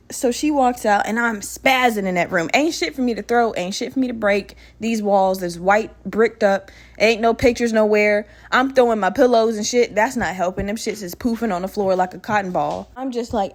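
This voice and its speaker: A young woman hosting a podcast, telling a personal story in a blunt, profane, animated way with bursts of laughter. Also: mid-range voice, moderate pace. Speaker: podcast host. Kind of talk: casual storytelling monologue.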